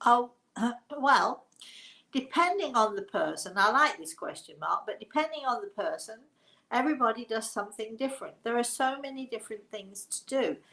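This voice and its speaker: A woman's voice: fairly high pitch, lively intonation, moderate pace, vocal fry, sharp tone, rough recording. A woman hosting a live stream as a psychic medium, chatting casually and rambling with frequent laughs and restarts. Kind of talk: casual live webinar chat.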